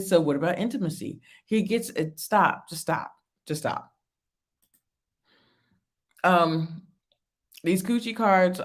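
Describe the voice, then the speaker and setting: Chatty woman reviewing reality TV. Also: fairly low pitch. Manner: chatty, laughs often, answers viewer comments; emphatic, repeats phrases for effect. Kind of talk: casual live-stream commentary.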